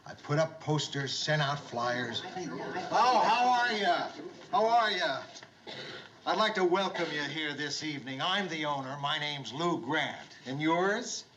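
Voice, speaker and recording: An actor playing a gruff middle-aged bar owner who awkwardly tries to be jovial, in a 1970s sitcom. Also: male voice, a little high, sing-song, slow pace. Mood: forced cheer. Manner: loud, awkwardly jovial greeter. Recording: noisy old TV soundtrack. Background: sitcom laugh track.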